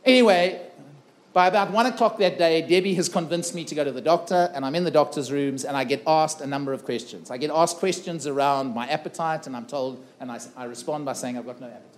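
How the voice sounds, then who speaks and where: High-voiced middle-aged male speaker. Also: quick pace, hardly any pauses. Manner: earnest, dramatic retelling with acted-out dialogue. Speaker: keynote speaker. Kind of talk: personal storytelling talk. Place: festival stage before a live audience.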